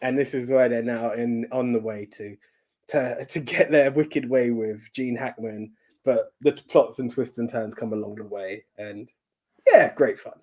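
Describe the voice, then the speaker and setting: A man's voice: medium pitch, measured pace. A man whose first language is Russian, co-hosting a podcast and chatting loosely about movies with many restarts. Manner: lively, rambling, restarts often, laughs a lot. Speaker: podcast co-host. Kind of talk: casual movie chat.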